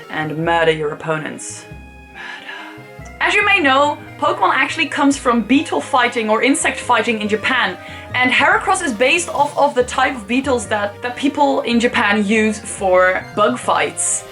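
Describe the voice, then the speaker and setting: A woman's voice: on the high side, pushed and bright. A young woman casually rating creatures for her video channel, chatty and playful, with swearing and jokey asides. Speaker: YouTuber rating Pokémon. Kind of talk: casual commentary vlog.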